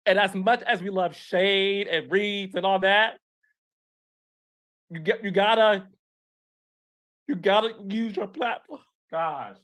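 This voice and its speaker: A man's voice: sits high, slow, pauses often, fairly bright tone. Man, podcast host, earnest, emotional, repeats himself.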